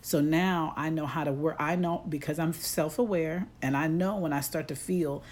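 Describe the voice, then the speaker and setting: A woman life coach with a deep, slightly mellow voice gives a motivational livestream talk from her phone at a moderate pace. Her tone is conversational but a bit preachy, and she speaks directly to her listeners.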